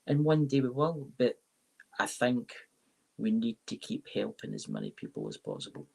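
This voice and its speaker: Heard on a live-stream mic, a Scottish tarot reader and paranormal podcaster speaks in a mid-range, darkish, gravelly and husky voice. His pitch swings hugely, his pace is moderate, and he rambles through the interview, repeatedly saying "right?".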